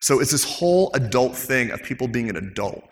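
A man's voice: mid-range voice, lively intonation, brisk. A man speaking casually on a panel as a dental practice owner, telling stories and acting out coworkers' quotes with animation. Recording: long hall reverb.

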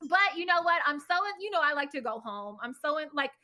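A woman's voice: sits high, animated, fast talker, sharp tone. A woman podcast co-host in casual chat, blunt and profane in her reactions.

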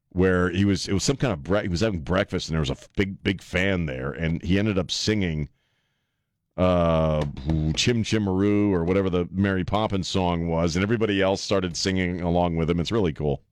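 A man with a low voice hosts a talk radio show, rambling loosely and poking fun at himself between filler words. The studio sound is close and dry, with no room echo. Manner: loose and rambling, lots of uh fillers and self-mocking jokes. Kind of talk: casual talk radio chat. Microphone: studio microphone.

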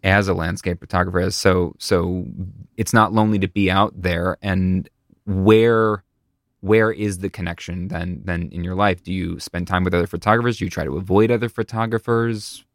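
A man who hosts the conversation and speaks professionally, asking questions in a chatty, animated way with frequent stammered restarts. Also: sits low, moderate pace, no echo, studio quality. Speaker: interview host and speaker. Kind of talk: casual interview conversation.

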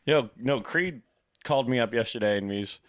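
A young man co-hosting a casual beer-tasting chat, telling stories in a relaxed, drawn-out way with many fillers. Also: medium pitch, no echo, studio quality. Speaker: podcast co-host.

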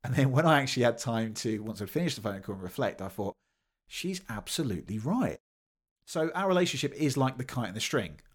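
A man hosts his podcast and tells a personal story in a casual monologue. His pitch moves widely as he talks. He acts out the voices of the people he quotes. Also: lively intonation, brisk, breathy edge. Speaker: podcast host.

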